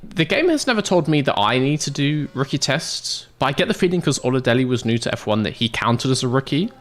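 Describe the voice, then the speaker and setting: A man's voice: mid-range voice, big pitch swings, a little fast. A British man streaming a game, chatting casually with viewers, laughing often. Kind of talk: casual livestream chat.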